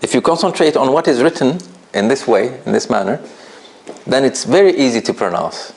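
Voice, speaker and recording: A man teaching a recitation class in a relaxed, conversational way, often checking understanding with "right?" and putting questions straight to his students. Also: mid-range voice, fairly quick, gravelly. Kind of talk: classroom lesson.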